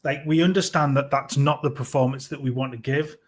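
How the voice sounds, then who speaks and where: A man's voice: medium pitch, steady tone, fairly quick. A man, co-hosting a fan podcast, talking in a plain-spoken, exasperated way in a live reaction. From North East England. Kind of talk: casual live reaction talk.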